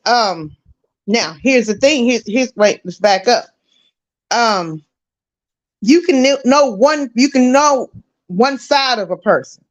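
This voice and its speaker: Female panelist, slightly high pitch, reflective, casual chat. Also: lively intonation, slow pace, long pauses. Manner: reflective, restarts her thoughts. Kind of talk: casual discussion.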